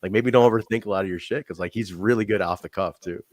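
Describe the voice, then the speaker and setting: Excitable swearing podcast host, low voice. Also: male voice, fast talker, dry recording. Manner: animated, swearing, laughing storyteller. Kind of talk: casual chat.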